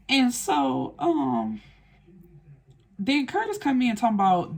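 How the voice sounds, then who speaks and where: Woman doing a film recap, blunt and slangy, cusses a lot, super animated. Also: a little high, takes it slowly, creaky, long pauses. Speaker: film reviewer.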